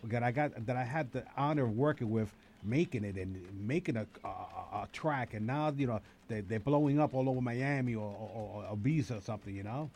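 Quick-talking male host and DJ. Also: medium pitch, darkish tone, slight background noise. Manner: encouraging, quick, repeats words. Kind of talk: casual chat.

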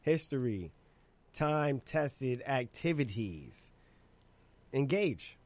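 Reflective man speaking slowly and emphatically. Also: mid-range voice, big pitch swings, a little mellow. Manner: reflective, slow and emphatic, asks "right?". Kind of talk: casual conversation.

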